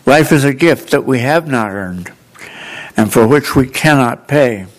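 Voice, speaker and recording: A man with an audible speech defect reading aloud in church, telling a story in an earnest, gently humorous way. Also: mid-range voice, animated, unhurried, rough recording. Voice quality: altered articulation from a speech defect. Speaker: lay reader in church.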